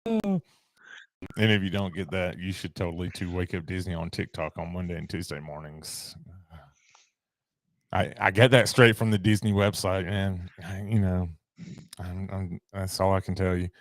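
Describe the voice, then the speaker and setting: A man co-hosting a podcast, chatting in a relaxed, rambling way with lots of fillers. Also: low voice, normal speed, no room sound, clean studio sound. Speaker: podcast co-host. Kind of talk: casual chat.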